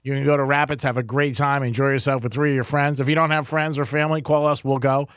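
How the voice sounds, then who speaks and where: A man's voice: mid-range voice, level tone, fast, fairly bright tone, clear, resonant tone, dry recording. A man co-hosting a radio show in casual banter, chatty and often laughing, on a studio microphone. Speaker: radio co-host.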